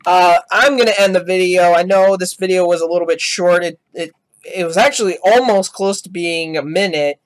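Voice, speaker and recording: A man's voice: sits high, moderate pace. A man vlogging casual reaction commentary for his gaming channel, rambling and restarting his sentences as he talks. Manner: rambling, restarts sentences, yells "no" and "ah" at loud sounds. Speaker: gaming YouTuber.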